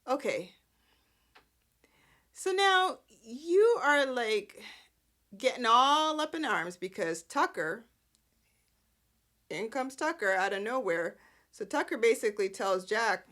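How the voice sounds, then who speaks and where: A woman's voice: fairly high pitch, animated, takes it slowly, long pauses, a bit bright. A woman hosting a podcast, recapping soap opera episodes in a chatty, sarcastic way with lots of "like" fillers. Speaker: podcast host.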